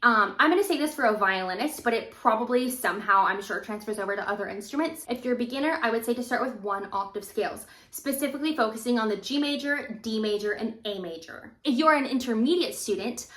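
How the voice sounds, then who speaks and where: A woman's voice: on the high side, quick pace, hardly any pauses, a bit bright. A young adult woman teaching violin in a casual, encouraging way. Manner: casual, encouraging, demonstrates while talking. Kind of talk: instructional video talk. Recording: roomy echo.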